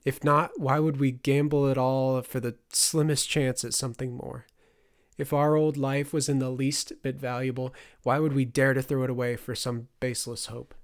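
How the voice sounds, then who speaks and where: A man's voice: medium pitch, little pitch movement, moderate pace, lightly acted. A man voicing a determined young peasant woman who pleads urgently with raised voice. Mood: impassioned.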